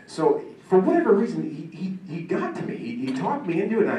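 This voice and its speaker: A man's voice: a little high, big pitch swings, quick pace, hardly any pauses, warm tone. Man in his thirties, wry storyteller, taped from afar amid room noise and echo. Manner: self-mocking storytelling, laughing. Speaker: hall of fame inductee. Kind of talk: after-dinner acceptance speech. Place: country club banquet room. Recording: echoey hall from far off, ambient noise.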